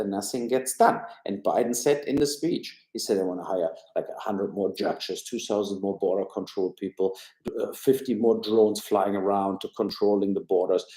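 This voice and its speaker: A man's voice: fairly low pitch, warm tone, roomy sound, rough recording. A man from Germany with a German accent, giving blunt, rambling, opinionated film and politics commentary on a casual live stream from home. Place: room at home.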